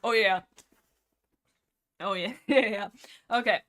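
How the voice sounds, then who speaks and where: A woman's voice: mid-range voice, slow, fairly bright tone. A young woman hosting a casual book discussion livestream, chatty and rambling, laughing often. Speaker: livestream host.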